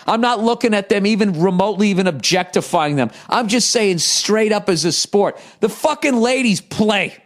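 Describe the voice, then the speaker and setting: A man's voice: sits high, expressive, moderate pace, few pauses. Profane, riffing American man. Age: 40s. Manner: profane, riffing, reading aloud with mock outrage. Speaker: podcast host. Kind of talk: comedic podcast monologue.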